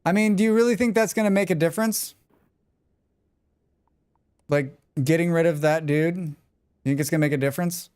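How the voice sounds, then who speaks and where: A man's voice: a little high, normal speed, long pauses, a little mellow, clean tone, no echo. A man streaming a game live, chatting casually with viewers and talking to himself as he plays, rambling and swearing freely. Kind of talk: casual live-stream chat while playing.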